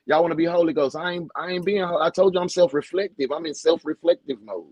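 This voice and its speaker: A man co-hosting a casual podcast, talking bluntly and profanely, jumping from loud outbursts to low mumbles. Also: fast, rough recording. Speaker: podcast co-host. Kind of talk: candid casual podcast chat.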